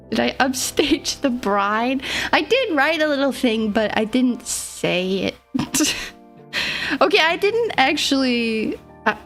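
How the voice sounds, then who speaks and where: A young woman VTuber streamer tells her live chat a story in a casual, rambling way, giggling and laughing often between phrases while playfully joking about herself. Her high-pitched, fairly bright voice is very animated, yet she takes it slowly with long pauses, over soft background music.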